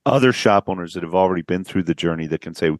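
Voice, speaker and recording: Deep-voiced man telling client stories. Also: quick pace, no room sound, clean studio sound. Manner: storytelling, acts out quotes with a rising voice. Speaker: business coach guest. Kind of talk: podcast interview.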